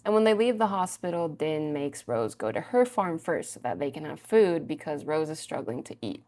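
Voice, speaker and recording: Woman, casual recap chat, slightly low pitch, filler-heavy, offhand swearing. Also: gravelly, darkish tone. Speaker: book-versus-show recap vlogger.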